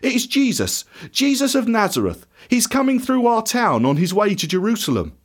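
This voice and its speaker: A man's voice: sits high, wildly swooping pitch, moderate pace, pitched above the performer's own voice, exaggerated voice. A man voicing an eager male passerby explaining news to a beggar. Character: surprised male passerby in a crowd.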